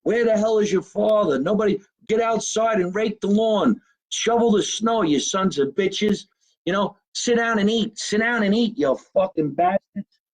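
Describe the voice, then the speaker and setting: A man's voice: sits high, normal speed, pitched above the performer's own voice, low-quality recording. Man putting on his foul-mouthed scolding old mother. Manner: yelling orders, swearing. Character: scolding older Italian-American mother, foul-mouthed, bossy. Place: home basement.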